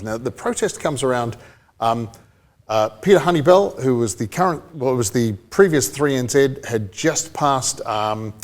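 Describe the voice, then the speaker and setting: A man from New Zealand co-hosting a motorsport podcast, rambling and chatty, often laughing. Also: medium pitch. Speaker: podcast co-host. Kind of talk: casual chat.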